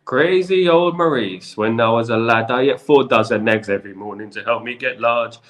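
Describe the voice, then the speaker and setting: A man with a London accent putting on a boastful, brawny young male villain in a slow, mocking drawl. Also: on the low side, little pitch movement, fairly bright tone, natural voice.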